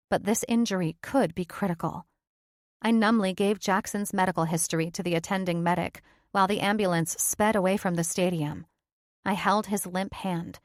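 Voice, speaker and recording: A woman reads a first-person audiobook with steady, earnest delivery at a middle pitch. The recording is close and completely dry, with no room sound. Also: no room sound. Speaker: audiobook narrator.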